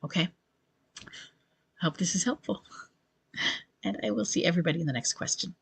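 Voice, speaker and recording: Speaking at normal speed in a fairly low voice with vocal fry and a breathy edge, a couples coach delivers an advice monologue to camera. Addressing a listener's question on rebuilding a marriage, she sounds earnest and reassuring, frequently asks "okay?", and restarts as she thinks aloud.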